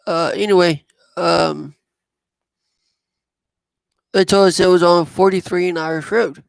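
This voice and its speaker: Slow, gravelly man telling a story. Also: high-pitched, fairly even intonation, no room sound. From southwest Missouri. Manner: rambling, halting, with many fillers. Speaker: vlogger. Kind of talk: personal storytelling.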